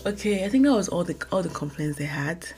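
A young woman from Nigeria hosting her own casual podcast, talking fast and rambling, often correcting herself mid-sentence. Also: lowish voice, animated, darkish tone, faint music behind. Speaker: podcast host. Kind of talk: casual solo podcast talk.

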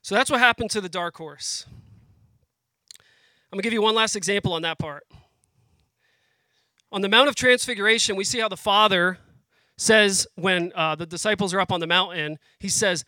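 Man, 30s, guest preacher; high, sharp voice, earnest talk to the crowd, emotion close to the surface. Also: dry recording. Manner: earnest, conversational preaching, addresses the crowd as "guys"; emotional, pauses and restarts as he speaks. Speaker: guest speaker at a family worship program. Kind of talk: sermon.

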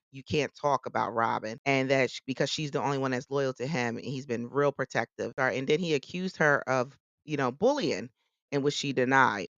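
A man's voice: mid-range voice, fairly bright tone, no echo. A man giving casual, opinionated solo commentary as a podcast host, often stopping to correct himself. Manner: chatty, opinionated, restarts often. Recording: dull lo-fi voice message.

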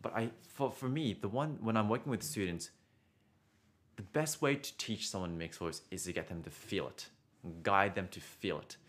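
A man's voice: fairly low pitch, moderate pace, a bit bright. A man giving a casual singing lesson as a vocal coach, chatty and encouraging, often ending points with "right?" and restarting words.

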